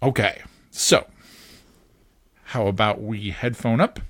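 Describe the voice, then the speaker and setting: In a clean studio recording with no echo, a man with a husky voice on the low side hosts a podcast, spiritedly telling his child about a cartoon episode. He laughs frequently and switches voices quickly for the characters he quotes.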